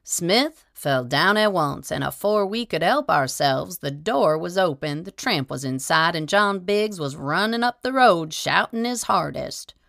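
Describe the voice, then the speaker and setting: Woman narrator, low voice, steady measured reading, dry close recording. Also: gravelly, no echo. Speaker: audiobook reader. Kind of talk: scripted narration of a short story.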